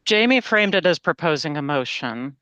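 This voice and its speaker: A woman's voice: sits low, expressive, moderate pace, a bit bright, no room sound, muffled recording. A woman on agency staff speaking earnestly in a virtual board meeting, hedging and repeating words as she explains.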